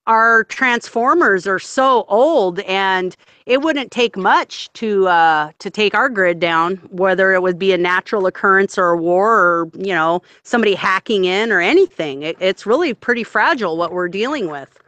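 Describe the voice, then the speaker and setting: A woman's voice: medium pitch, lively intonation, normal speed, few pauses, a bit bright, dry recording. A woman in casual chat on a live stream call from her home, earnest and chatty with many fillers. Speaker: guest. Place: at home in the countryside.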